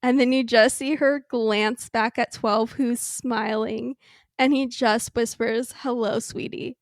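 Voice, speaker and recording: A woman co-hosting a fan podcast in a higher voice, speaking earnestly and affectionately. The sound is dry and close, with no room around it. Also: fairly even intonation, slow, dry recording. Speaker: podcast co-host. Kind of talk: casual fan podcast chat.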